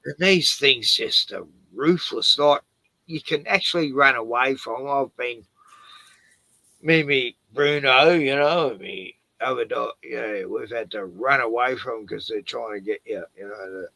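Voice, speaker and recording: A man telling animated stories in casual chat on a stream, swearing freely. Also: medium pitch, measured pace, gravelly, no room sound, rough recording.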